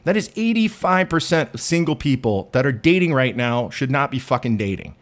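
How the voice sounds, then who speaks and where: A man ranting on his podcast, full of swearing and mocking himself. His pitch swings widely from emphatic highs to mumbled lows. He talks straight to the listener in blunt, emphatic bursts. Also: expressive, fairly quick. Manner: profane, self-deprecating, emphatic. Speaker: podcast host. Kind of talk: profane monologue rant.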